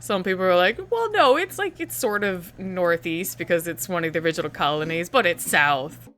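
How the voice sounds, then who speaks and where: A woman's voice: lowish voice, a little fast, a bit bright, faint music behind. A woman chatting and teasing as a player in a tabletop game session. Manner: laughing, teasing. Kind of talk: casual group chat.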